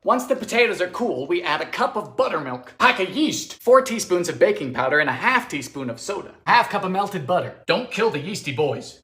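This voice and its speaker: A man narrating a comic cooking vlog about vintage recipes, making dry deadpan jokes and breaking into sudden shouts. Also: sits high. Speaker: home baker trying vintage recipes. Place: home kitchen.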